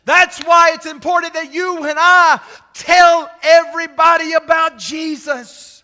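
High, bright-voiced shouting preacher. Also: male voice, steady tone, measured pace. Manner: swings from shouting to hushed asides. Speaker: pastor. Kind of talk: sermon.

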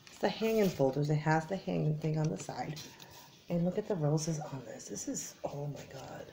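A tired woman chatting casually in a soft, low-energy voice as she unboxes craft supplies, sometimes dropping to a whisper. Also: moderate pace, gravelly, noisy background. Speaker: crafting vlogger.

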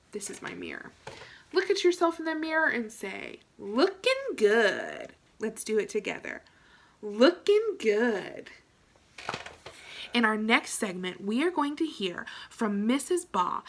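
A woman teacher giving a slow, encouraging phonics lesson to young children. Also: on the high side, fairly bright tone. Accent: American. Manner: slow, encouraging, sing-song teacher talk.

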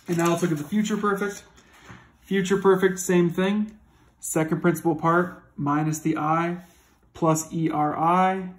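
Man, Latin teacher, higher voice, patient and methodical. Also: darkish tone, poor audio. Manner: patient, methodical, checks in with "okay?". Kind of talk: recorded classroom lesson.

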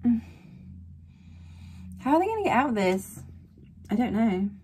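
A woman hosting a casual anime reaction, excitable and gasping, swinging between squeals and quiet murmurs. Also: on the high side, unhurried, slight background noise. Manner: excitable, gasping, frequent exclamations. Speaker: anime reaction channel host.

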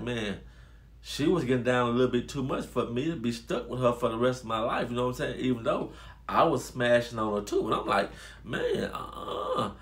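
A man casually telling a personal story to his viewers, animated and addressing them as y'all. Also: medium pitch. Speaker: storytelling vlogger.

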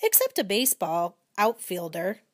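A woman's voice: mid-range voice, huge pitch swings, moderate pace, dry recording, studio quality. A woman reading aloud and voicing a blunt, indignant husband in a children's storybook. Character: older husband, a gruff retired man.

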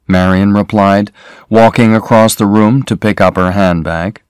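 Slow, deliberate male story narrator. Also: lowish voice, fairly even intonation, clean tone, no room sound, clean studio sound. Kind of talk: slow graded-reader narration for learners.

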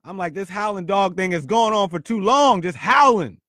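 A man hosting his own podcast, telling a story in a punchy, animated way and often repeating words. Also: high voice, normal speed, dry recording, studio quality. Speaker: podcast host. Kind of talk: storytelling monologue.

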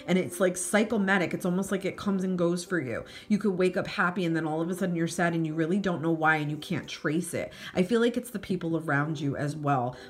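A woman giving an earnest, rambling spiritual reading, repeating her questions and pausing with fillers. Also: fairly low pitch. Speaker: tarot reader.

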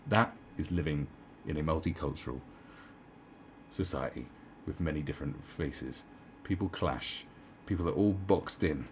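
A man's voice: a bass voice, moderate pace, slight background noise. A man giving crude, profane, rambling commentary in a ranting style. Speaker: online commentator.

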